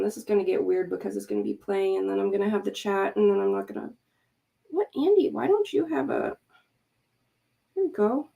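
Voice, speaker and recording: A woman with a slightly high voice and vocal fry hosts a livestream, ranting with exasperated emphasis. She swears freely and cuts away mid-rant to speak to her chat and mods.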